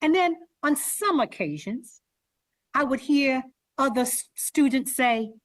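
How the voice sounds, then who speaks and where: A woman author telling a story to students, speaking to them directly as an animated storyteller. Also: sits high, slow, no room sound, clean studio sound. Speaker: children's author visiting schools.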